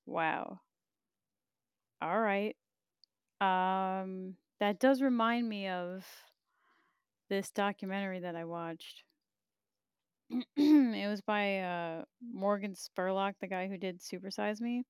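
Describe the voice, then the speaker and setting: A woman's voice: mid-range voice, takes it slowly, long pauses, clean tone, dry recording, studio quality. A woman hosting a podcast live, chatting casually and candidly, reading viewer comments with frequent laughs and profanity. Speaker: podcast host.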